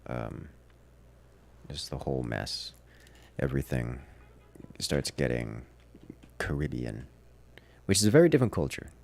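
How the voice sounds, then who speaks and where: A man with a very deep, gravelly voice and a Southern accent, rambling through casual livestream chat with wry, self-deprecating asides. His pitch swings in a lively way, and faint music plays behind him. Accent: generic Southern US. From Southern United States. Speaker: livestream gamer.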